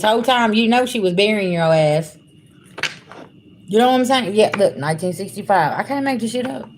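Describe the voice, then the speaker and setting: A woman's voice: mid-range voice, expressive, fairly quick, a little hiss or hum. A woman giving a casual livestream spiritual reading, talking bluntly and profanely straight to her viewers. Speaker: spiritual reader.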